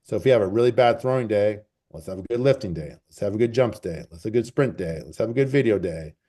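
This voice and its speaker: A man who coaches track and field, answering interview questions in a relaxed, rambling way and repeating phrases for emphasis. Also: lowish voice, quick pace. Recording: call recording.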